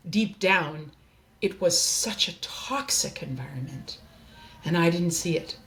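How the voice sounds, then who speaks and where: A woman's voice: lowish voice, expressive, slow. A woman hosting a candid personal monologue from her desk, speaking in an earnest, open and heartfelt way. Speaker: host.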